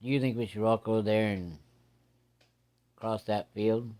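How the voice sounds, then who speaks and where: A man voicing an older rural hunter in a story, gruff, blunt and superstitious, with folksy talk. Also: fairly low pitch, fairly even intonation, measured pace, a little mellow, close to an everyday voice.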